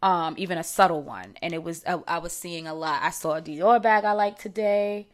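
A woman's voice: lowish voice, moderate pace. A woman in her thirties from New York with a New York accent, hosting a podcast in a chatty, slangy way with lots of fillers. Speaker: podcast host. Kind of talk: casual solo chat.

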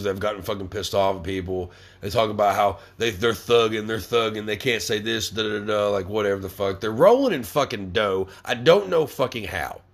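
His voice is fairly low and creaky, yet fairly bright in tone. He's a young man hosting a podcast, venting furiously with nonstop swearing and stammering as he starts over.

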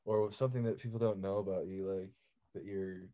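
A man interviewing a guest, asking rambling, halting questions with many fillers. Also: deep voice, steady tone, dark tone. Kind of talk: casual interview.

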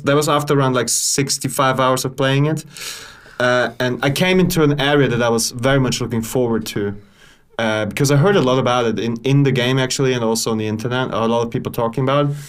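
A man's voice: mid-range voice, clear, resonant tone. Hesitant male podcast co-host. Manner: hesitant, many fillers and restarts. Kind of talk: casual gaming podcast chat.

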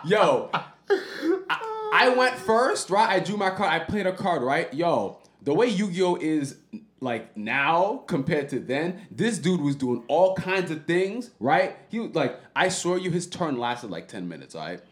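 A man hosting a podcast, telling a story in a casual, animated way and jumping into high voices when he quotes people. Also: a little slow. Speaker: podcast host. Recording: roomy echo.

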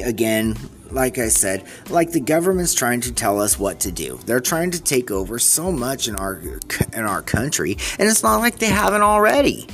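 A vlogger in an unscripted ranting monologue, exasperated and rambling, often restarting sentences. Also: medium pitch. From United States.

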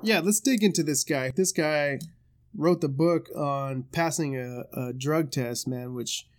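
A man with a fairly high voice co-hosts a podcast in easygoing chat. He tells stories loosely, swears freely and slips into quick impressions. He keeps it light. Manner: loose, swearing storyteller who does voices and laughs often. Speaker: podcast co-host. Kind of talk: casual chat.

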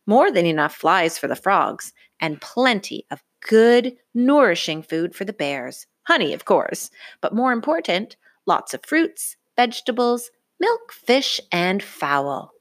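A woman reading a picture book aloud to a child in an expressive, sing-song way. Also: mid-range voice, slow, hardly any pauses. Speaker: storybook reader.

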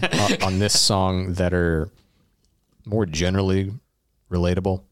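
Very deep-voiced man, laid-back. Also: flat delivery, a little slow, clear, resonant tone, dry recording, clean studio sound. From Midwestern US. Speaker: podcast co-host. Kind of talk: casual music discussion.

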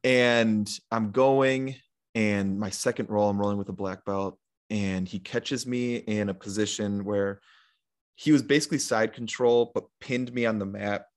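A young man talking casually as a podcast guest, telling a long story in a relaxed, rambling way full of fillers and retold quotes. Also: fairly low pitch, a little slow.

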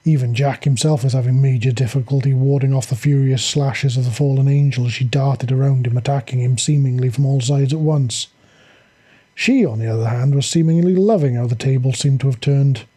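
A man reading a fantasy story aloud with steady, dramatic storytelling. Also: mid-range voice, brisk, husky. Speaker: audiobook narrator.

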